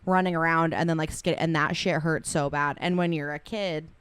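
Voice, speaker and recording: Young female co-host, frank and wry, lower voice, dry close sound. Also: steady tone, normal speed, fairly bright tone, clear, resonant tone, no echo. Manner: candid, swears casually, dry jokes. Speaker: podcast co-host. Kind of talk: casual chat. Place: studio.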